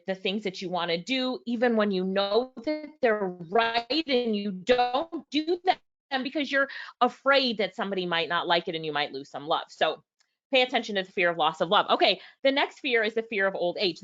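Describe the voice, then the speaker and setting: Speaking at a medium pitch with a slightly bright tone, this book reviewer and business owner reads passages aloud during a live review and talks straight to her audience. She plays both parties in conversations from her past, and the highs in the audio are cut off.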